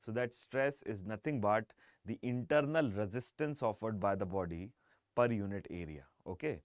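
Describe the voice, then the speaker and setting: A man's voice: on the low side, lively intonation, normal speed, dry recording, studio quality. A man with an Indian English accent lecturing on engineering for an online exam-prep class, stressing key words and often checking in with "right?" and "okay?". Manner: emphatic teacher, frequent checking "right?" and "okay?".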